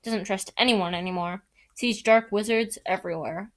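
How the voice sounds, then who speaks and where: A man's voice: high-pitched, normal speed, fairly bright tone. A woman reading aloud, voicing a friendly young man eagerly explaining something. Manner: chatty, explanatory.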